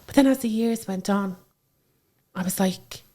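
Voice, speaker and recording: A woman in her thirties with an Irish accent, telling stories about her daughter in a chatty, animated way. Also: medium pitch, unhurried. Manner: chatty, animated storytelling with frequent fillers. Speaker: interview guest, mother. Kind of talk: casual conversational interview.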